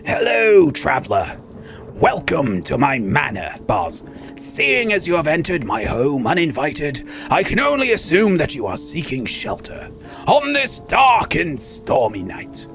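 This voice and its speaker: A man voicing a courteous but creepy lord of a dark manor, reading game dialogue slowly and formally in a put-on voice. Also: mid-range voice, huge pitch swings, gravelly, faint music behind, voice pushed down, exaggerated voice. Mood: ominous, courtly. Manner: slow, theatrical, formal speech.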